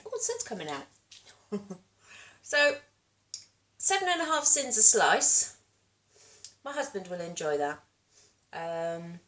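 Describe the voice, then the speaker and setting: A woman's voice: fairly low pitch, a bit bright. A British woman vlogging casually at home, chatting in a rambling way while cooking and tasting. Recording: echoey room, voice from a distance.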